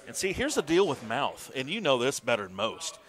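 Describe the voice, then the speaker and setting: Male co-commentator, bright tense voice, casual banter with sudden shouting. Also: mid-range voice, a little fast. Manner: excitable, swearing, bursts into shouts. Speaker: stream commentator.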